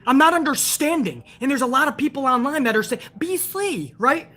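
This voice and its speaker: A woman's voice: high voice, fast talker, a bit bright. A woman hosting a show, ranting hard with profanity about wrestling and answering viewers in a live chat. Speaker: show host.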